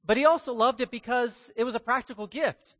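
A pastor telling a personal story in a sermon, speaking to members of the congregation by name. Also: male voice, extremely high pitch, a little fast, a bit bright.

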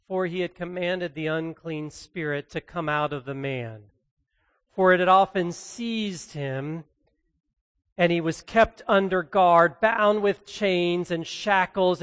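An earnest pastor preaches in a relaxed, conversational way, pressing hard on the points that matter. The voice sits at a middle pitch. A long reverb trails each phrase, as in a big church hall. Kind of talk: sermon with scripture reading.

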